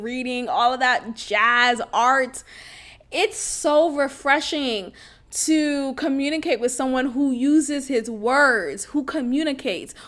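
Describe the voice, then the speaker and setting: A woman's voice: high-pitched, fairly bright tone. A young woman hosting a podcast, telling a personal story in a blunt, casual way with slang and frequent laughter. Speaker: podcast host.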